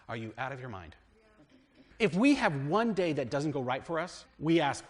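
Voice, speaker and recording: A man pastor with an American accent teaching a sermon and reading scripture aloud. He asks the congregation fill-in questions and swings between loud and hushed delivery. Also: on the high side, sing-song, moderate pace, big-room sound. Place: church.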